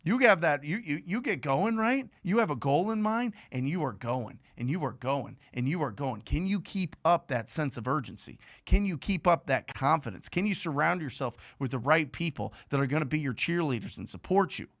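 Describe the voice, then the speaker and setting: A man hosting a live show, giving an energetic, repetitive motivational talk full of rhetorical questions. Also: a little high, normal speed, hardly any pauses. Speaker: host.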